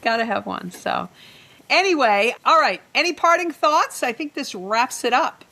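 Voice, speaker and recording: A woman's voice: high voice, animated, normal speed, a crowd in the background. Upbeat woman hosting a panel. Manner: upbeat and encouraging, steers the talk to a close. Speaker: podcast host.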